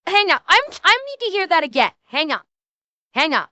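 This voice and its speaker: A woman streamer giving casual, excitable reaction commentary, swearing and restarting her sentences. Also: very high voice, moderate pace, dull audio.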